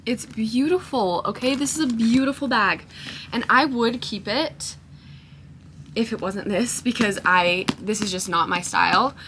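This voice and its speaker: A woman's voice: a little high, a little slow, a little hiss or hum. A young woman vlogging, telling a story in a casual, indignant way, full of "like"s and acted-out back-and-forth. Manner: animated, indignant, with many "like"s and quoted back-and-forth.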